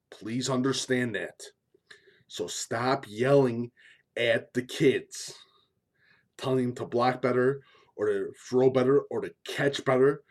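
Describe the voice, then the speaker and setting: A man who is a former high school line coach, talking bluntly and repetitively, pleading and swearing casually in an opinion monologue. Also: a little mellow.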